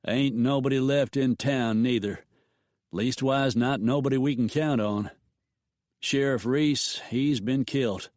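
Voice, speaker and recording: A man voicing a wounded, frightened male gunman who speaks in rough, folksy grammar with his voice raised a little. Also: mid-range voice, a little slow, darkish tone, no echo, studio quality, voice pushed up, close to an everyday voice. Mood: pleading.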